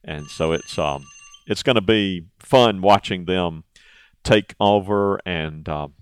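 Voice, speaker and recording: A man co-hosting a farm radio show in friendly, unhurried chat. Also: deep voice, smooth, no room sound.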